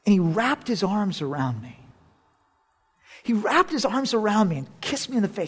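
Lively, animated male preacher. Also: high voice, moderate pace. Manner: animated storytelling with sudden drops to a hush; self-deprecating humor. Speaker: pastor. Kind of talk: sermon.

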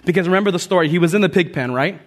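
A man preaching a sermon, telling a parable with lively acted-out lines and dropping soft on key points. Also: rapid-fire. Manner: animated storytelling, acting out quoted lines with rising pitch. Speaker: pastor.

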